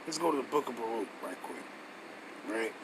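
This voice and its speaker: A man's voice: mid-range voice, animated, fairly quick, background noise. A man teaching scripture in a loose, casual way, reading passages aloud and breaking off with blunt, profane comments and rhetorical questions.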